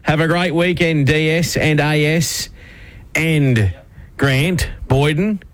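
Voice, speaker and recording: An Australian man hosting a radio show, his voice pitched a touch high. He keeps up easy, matey banter with callers, often laughing. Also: slow. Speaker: radio host. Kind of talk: casual radio chat with callers.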